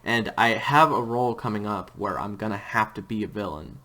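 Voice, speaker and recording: A man's voice: lowish voice, a little fast, bright, forceful tone. Casual, rambling male podcast host. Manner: rambling, with frequent restarts and tangents. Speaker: host and audio drama creator. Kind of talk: casual interview chat.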